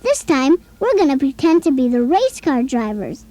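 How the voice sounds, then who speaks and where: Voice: high voice, very animated, normal speed. An actor voicing a cheerful boy talking toy who chats with a child on a scripted play-along tape, chirpy and coaxing and always asking the listener questions.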